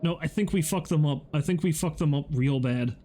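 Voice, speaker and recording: A man's voice: fairly high pitch, brisk, mellow, a little hiss or hum. A man streaming a video game, chatting casually and profanely, with a self-mocking manner. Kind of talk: casual gameplay commentary.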